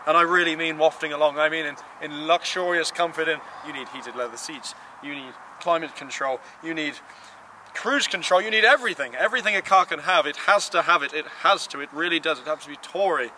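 Outdoors beside parked cars, a man with a fairly high voice talks a little fast through a playful, emphatic car walkaround, his voice lifting lively when he praises something. The camera-mic recording carries clear outdoor and street noise behind him.

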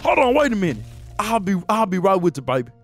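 A man voicing his lead cartoon character, excitable and loud, swearing freely in slangy casual speech. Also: sits high, quick pace, soft background music. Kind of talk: comedic cartoon voice acting.

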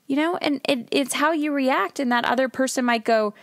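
A woman's voice: high-pitched, animated, moderate pace, no echo. Woman podcast host, thirties, recording in her car, dry close sound; candid, emphatic, swears casually. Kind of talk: solo podcast monologue.

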